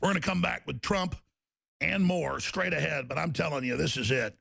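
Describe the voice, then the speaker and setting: A man's voice: a little high, normal speed, creaky, fairly bright tone, no room sound, clean studio sound. A man hosting a political talk show, ranting angrily and repeating himself. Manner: angry, ranting, repetitive.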